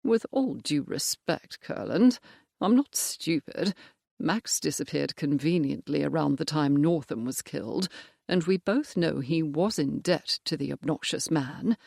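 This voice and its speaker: Narrator doing a blunt young ex-soldier, plain-spoken, gravelly edge, dry close sound, audiobook. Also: male voice, fairly high pitch, lively intonation, measured pace, a little mellow, dry recording, full character voice. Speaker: character in an audiobook. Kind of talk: audiobook character voice.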